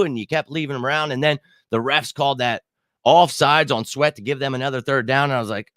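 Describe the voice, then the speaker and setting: An excitable sports show host in his thirties runs a live stream, chatting casually and fast at an ordinary middle pitch. He swears freely and fills gaps with "uh" and "you know," and the sound is close and dry with no room echo.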